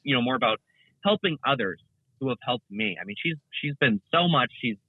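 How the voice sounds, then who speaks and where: A young man, a guest content creator, talks in a rambling, animated way during a casual interview, full of fillers and restarts. His husky voice swings widely in pitch and moves fairly quickly. The dry recording comes over a remote call and sounds tinny, like a phone line.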